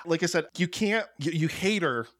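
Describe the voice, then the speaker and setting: Relaxed man in casual chat. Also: on the high side, moderate pace, no echo, studio quality. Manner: relaxed, enthusiastic, filler-heavy.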